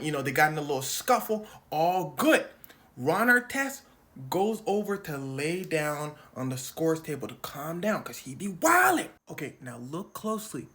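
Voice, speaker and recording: A woman telling a comic story in a slangy, animated way, acting out quoted lines in funny voices. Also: lowish voice. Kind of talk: comic storytelling retelling a sports brawl.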